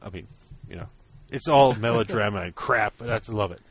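A man's voice: on the low side, fairly quick. A man co-hosting a podcast, chatting casually about old episodes and laughing often as he retells the jokes. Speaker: podcast co-host. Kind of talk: casual chat.

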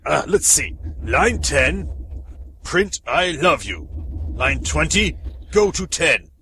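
A man's voice: on the high side, sing-song, slow, pushed and bright, slight background noise, exaggerated voice. A man voicing a bumbling, vain mad scientist with a pompous, exasperated manner.

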